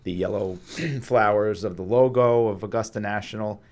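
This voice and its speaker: Lower-voiced man telling a lively story. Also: moderate pace. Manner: animated storyteller, acts out quotes. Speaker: host. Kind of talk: casual storytelling chat.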